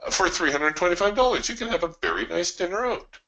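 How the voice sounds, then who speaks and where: Folksy, animated male trading coach. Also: high-pitched, fast, vocal fry, poor audio. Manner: folksy, chuckling asides. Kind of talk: live trading commentary.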